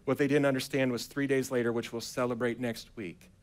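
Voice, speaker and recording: A pastor in a church sanctuary preaches a sermon with a mid-range voice at a fairly quick pace. He retells scripture in a casual, chatty storytelling way, acting out the characters' lines in a relaxed, modern voice full of slang.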